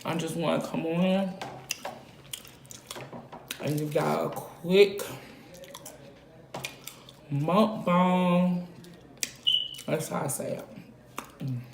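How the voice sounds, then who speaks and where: Woman, low voice, unhurried, eating vlog, humming between bites, echoey room. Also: vocal fry. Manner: slow, relaxed talk between bites, lots of contented hums. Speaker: mukbang vlogger. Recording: echoey room, faint background noise.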